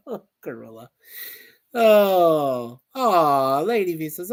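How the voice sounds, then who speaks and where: A man hosting a casual live stream, reading viewer comments aloud in an unhurried way and chuckling often. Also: fairly high pitch, sing-song. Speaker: livestream host reading chat.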